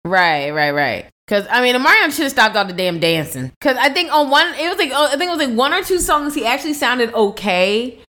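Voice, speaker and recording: A woman co-hosting a casual chat podcast, animated and quick to laugh, often mimicking people in a raised voice. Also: on the high side. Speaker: podcast co-host.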